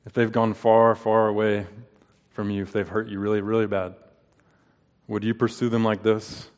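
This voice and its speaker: Speaking with a lowish, slightly mellow voice, a man in his thirties delivers an earnest sermon as a pastor. He poses rhetorical questions and shares personal stories, and a large hall's long reverb carries his words.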